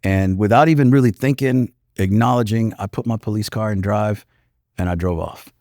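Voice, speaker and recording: A man's voice: on the low side, moderate pace, a little mellow, no echo, clean studio sound. A man in his fifties, a retired police commander and podcast guest, telling a personal story in an earnest, reflective way with many "you know" fillers.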